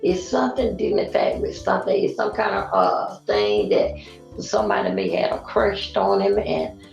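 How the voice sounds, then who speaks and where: A woman's voice: fairly low pitch, huge pitch swings, normal speed, creaky, a little mellow, reverberant, highs cut off, soft background music. A woman from Florida, rambling through casual commentary on a group call.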